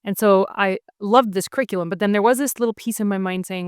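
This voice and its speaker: This thirtysomething homeschooling mom talks quickly with few pauses in a clear, resonant, mid-range voice, recorded at studio quality with no echo. In a casual explanatory video she eagerly and amiably lays out her curriculum picks one step at a time, with lots of ums.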